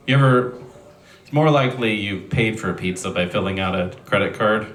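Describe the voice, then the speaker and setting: A man doing a stand-up set, delivering dry, self-deprecating one-liners with frequent throat clearing on a stage mic. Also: fairly low pitch, fast talker, a bit bright, echoey room. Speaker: stand-up comedian. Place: comedy venue stage. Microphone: handheld stage mic on a speaker.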